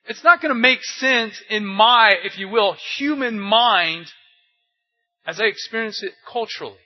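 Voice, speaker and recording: Husky high-voiced older male preacher. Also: expressive, unhurried. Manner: asks rhetorical questions, tells anecdotes. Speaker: pastor. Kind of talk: conversational sermon. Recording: dull lo-fi recording.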